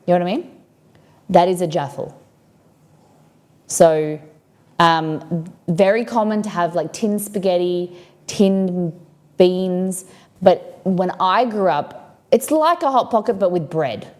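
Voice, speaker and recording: A woman with an Australian accent and a lowish, darkish voice hosts a casual cooking livestream from her home kitchen. She speaks slowly, pausing often, rambling as she answers viewer comments.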